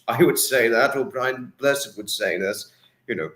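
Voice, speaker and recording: A man's voice: mid-range voice, normal speed, a bit bright. A man hosting a casual livestream, reading out viewer comments in an emotional, repetitive way. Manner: emotional, repetitive, dwells on words. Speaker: livestream host. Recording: echoey room.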